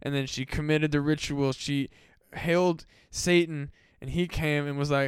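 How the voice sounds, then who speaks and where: A man hosting a comedy podcast, rambling through mock-serious warnings in a profane, deadpan monologue. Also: medium pitch, brisk, smooth, no echo, studio quality. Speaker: podcast host.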